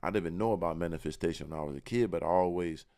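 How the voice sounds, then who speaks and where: A young man, a rapper appearing on a podcast, brags about himself in street slang during a relaxed interview. He speaks rapid-fire in a low voice with a darkish tone.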